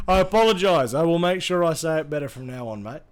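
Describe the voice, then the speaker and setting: A man's voice: a little high, lively intonation, brisk. A young Australian man streaming a game, rambling and swearing casually as he answers chat between plays. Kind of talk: casual gaming livestream chat.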